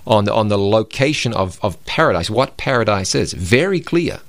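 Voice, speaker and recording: A man's voice: fairly low pitch, expressive, moderate pace, dry recording. Emphatic man preaching on a Bible show. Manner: emphatic, preacherly, quotes scripture. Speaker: co-host of a Bible program. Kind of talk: religious broadcast discussion.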